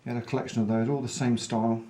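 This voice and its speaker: A man's voice: mid-range voice, little pitch movement, racing, warm tone, a little hiss or hum. A man vlogging, chatting enthusiastically to camera in a pipe maker's showroom. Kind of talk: casual showroom chat to camera.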